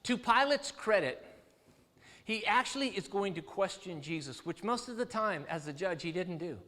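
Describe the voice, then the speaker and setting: A male pastor preaching a sermon, telling the story with lively, acted-out quotes. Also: high-pitched, moderate pace, big-room sound. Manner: animated storytelling preacher, acts out quoted voices. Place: church sanctuary.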